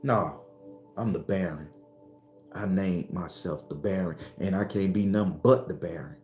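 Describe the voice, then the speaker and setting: A man with a Southern accent gives an emphatic, earthy spiritual talk, hammering his points home through repetition. His voice sits low and mellow. The sound carries the echo of a roomy space. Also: a little slow, soft background music. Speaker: spiritual teacher.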